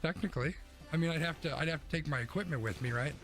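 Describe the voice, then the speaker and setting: A man's voice: a little high, fast, fairly bright tone. A young man streaming from his home setup, chatting casually with his viewers while he plays a game through a mixer-fed mic. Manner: rambling, chatty, answers chat while playing. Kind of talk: casual gaming stream chat. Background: game music and game sounds.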